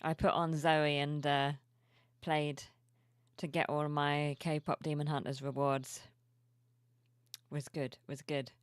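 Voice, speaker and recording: A sleepy woman streamer chatting softly and cheerfully with her viewers at home, reading their messages aloud. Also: low voice, little pitch movement, slow, pauses often, smooth, no room sound, studio quality. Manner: soft-spoken, cheerful, reads chat aloud. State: sleepy, yawning. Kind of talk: casual live-stream chat. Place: home room with plushies.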